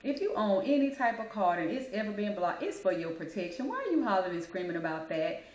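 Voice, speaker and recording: A woman's voice: mid-range voice, fast talker, muffled recording. Sassy woman ranting in an echoey room. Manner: sassy, animated, calls listener "baby". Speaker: host. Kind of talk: casual opinion monologue.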